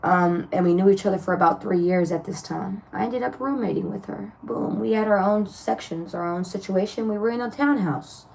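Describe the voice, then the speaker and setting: A woman with a mellow, warm voice gives a casual tarot reading to her viewers in a chatty, blunt way. She laughs often, swears freely and calls her listeners love. A faint hiss of room noise sits behind her. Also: mid-range voice, normal speed, gravelly, hardly any pauses. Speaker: tarot reader.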